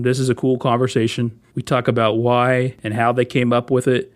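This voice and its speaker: A man hosting his own podcast, talking in a casual, chatty and enthusiastic way. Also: mid-range voice. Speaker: podcast host.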